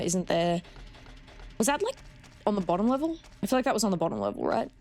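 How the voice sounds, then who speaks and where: A woman's voice: mid-range voice, sing-song, fairly quick, a little mellow, slight background noise. A young Australian woman casually chatting with her chat while she plays a horror game, swearing freely. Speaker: streamer. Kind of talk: casual gameplay commentary.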